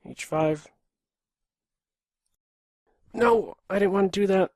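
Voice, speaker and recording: Streamer, man in his thirties, from Pennsylvania, USA: slow clipped play-by-play, half to himself, dry close mic. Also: sits high, a little mellow, no room sound. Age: 30s. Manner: muttering running commentary, terse half-sentences to himself. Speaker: chess streamer. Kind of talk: live commentary while playing bullet chess.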